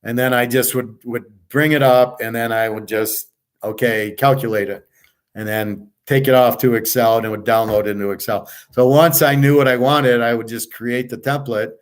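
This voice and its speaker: A middle-aged man rambles through a casual monologue as a sports handicapper. He is blunt and boastful and swears freely. His voice sits at an ordinary middle pitch. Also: steady tone, moderate pace. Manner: blunt, profane, boastful rant.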